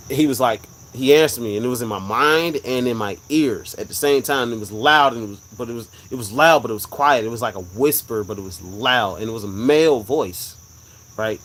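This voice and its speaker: A man's voice: mid-range voice, normal speed, fairly bright tone, slight background noise, low-quality recording. A man hosting a live stream, telling a personal story earnestly and repeating his points for emphasis. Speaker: livestream host sharing a religious testimony. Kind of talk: live-stream casual talk.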